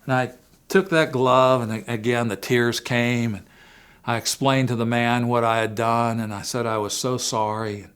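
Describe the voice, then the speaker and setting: A man speaking to parents in a faith-based family talk, telling a personal story earnestly and swinging between hushed and emphatic moments. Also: medium pitch, little pitch movement, moderate pace, smooth. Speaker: Christian family-series speaker.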